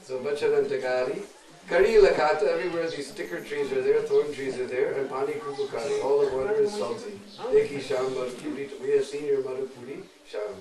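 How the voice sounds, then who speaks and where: A man guiding a pilgrimage, telling devotional stories in an animated, laughing way with teasing asides. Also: medium pitch, brisk. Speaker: pilgrimage guide and storyteller. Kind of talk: devotional storytelling sermon. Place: outdoor pilgrimage group. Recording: distant echoey recording with crowd.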